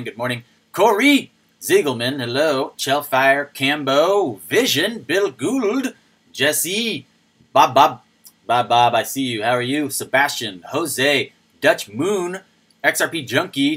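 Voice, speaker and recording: A man hosting a casual live stream, chatting and greeting viewers by name with lively swings in pitch. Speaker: crypto live stream host.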